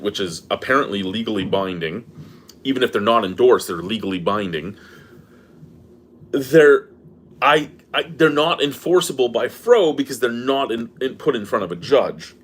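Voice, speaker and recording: A man's voice: medium pitch, expressive, moderate pace. A middle-aged man in an angry personal rant, swearing and exasperated as he vents. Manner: profane, exasperated, venting. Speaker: beer review vlogger.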